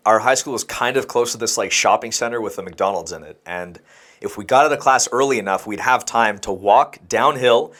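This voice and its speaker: A man's voice: fairly low pitch, a little fast, a bit bright. A man co-hosting a podcast, telling a rambling story in casual chat and laughing as he goes. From Montreal. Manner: rambling anecdotal, laughs mid-sentence. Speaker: podcast co-host.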